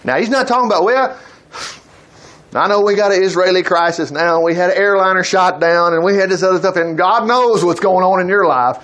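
A man's voice: sits high, quick pace, hardly any pauses. A man preaching a casual, folksy sermon, acting out the people he quotes. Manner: folksy, animated, acts out quotes.

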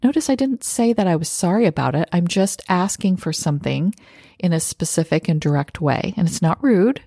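A woman with a lowish voice hosts a podcast in a calm, coaching tone. She acts out little example phrases as she teaches. The sound is dry and close to the mic. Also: moderate pace, creaky, slightly rough, no echo. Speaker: podcast host. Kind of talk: podcast advice monologue.

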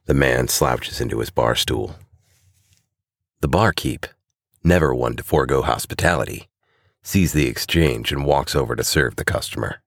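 Very deep-voiced male storyteller. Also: normal speed, a bit bright, dry recording, clean studio sound. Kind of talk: scripted narration.

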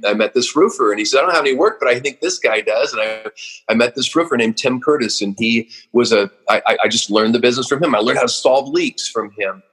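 A man's voice: mid-range voice, a bit bright, slightly rough. A man in his fifties from Oregon, a company founder telling personal stories in an interview, earnest and openly emotional, with frequent restarts. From Oregon, USA. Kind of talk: storytelling interview.

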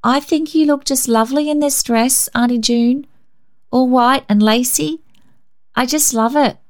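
A woman puts on a small, cheerful girl who chirps her words up high and bright. She sounds hopeful and a little evasive, keeping things sunny. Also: unhurried.

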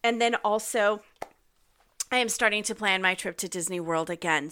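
A woman's voice: mid-range voice, normal speed, sharp tone, smooth. A woman hosting her podcast in a chatty, upbeat way, with a slightly nasal voice and a lingering cough from a recent illness. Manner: chatty and upbeat, frequent ums. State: recovering from illness, occasional cough. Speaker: podcast host. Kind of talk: casual podcast monologue.

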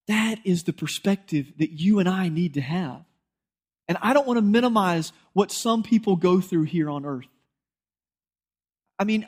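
A male pastor, preaching a sermon in a conversational, storytelling way and acting out bits of dialogue. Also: high-pitched.

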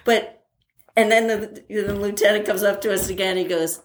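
An older woman in a casual interview, telling an animated story with many fillers and laughing at herself. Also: mid-range voice, normal speed, very noisy. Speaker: interviewee, former academy track athlete.

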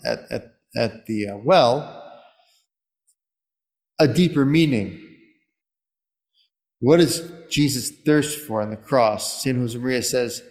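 A man's voice: medium pitch, darkish tone. A man preaching a sermon in an earnest, conversational way, turning at times to spoken prayer, probably a priest. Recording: long reverb of a church.

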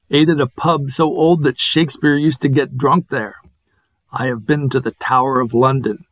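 A man's voice: medium pitch, fairly bright tone, no echo. A middle-aged man who reads out a list with amusement and small laughs, then talks casually in a monologue for a podcast. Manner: amused, savoring each name with small laughs.

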